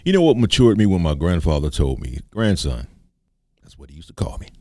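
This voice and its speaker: A man hosting a podcast, talking in a casual, comedic monologue and breaking into silly high voices. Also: fast talker, dry recording, studio quality. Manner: animated storyteller who swings into high comic voices. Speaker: podcast host.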